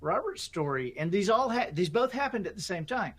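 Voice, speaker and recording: A middle-aged man telling a story as a guest author, lively and acting out his own inner voices. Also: high voice, a little fast, husky. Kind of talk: animated storytelling.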